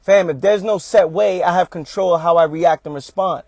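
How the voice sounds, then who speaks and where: A man's voice: high-pitched, moderate pace, darkish tone, dry recording. A man giving a motivational talk on a livestream, speaking emphatically, repeating his points and calling his listeners "fam".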